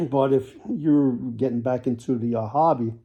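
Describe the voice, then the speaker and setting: A man selling toy cars in a casual video, with folksy sales patter, repeated words and frequent throat clearing. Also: mid-range voice, expressive, measured pace, mellow. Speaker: toy car seller.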